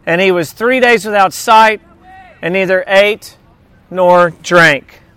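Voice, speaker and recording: A man's voice: high voice, slow pace, a bit bright, clear, resonant tone, no room sound. A man preaching a sermon in a conversational, storytelling way, mixing humor into scripture reading. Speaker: pastor.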